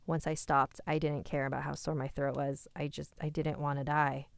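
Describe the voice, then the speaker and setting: A woman reading a listener's scary story aloud, with quick asides of her own. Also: sits low, level tone, gravelly, no room sound.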